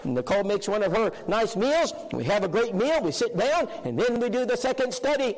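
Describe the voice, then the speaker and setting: A man's voice: high voice, big pitch swings, brisk, few pauses, low-quality recording. A male preacher telling a story to his congregation, acting out the dialogue. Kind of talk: storytelling sermon lesson. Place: church, addressing a congregation.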